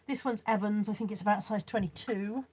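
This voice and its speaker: A woman's voice: mid-range voice, fairly even intonation, a little fast, a little mellow, slightly rough. A woman chatting casually on a live stream as she shows off a car boot haul and reads out viewers' comments, laughing often.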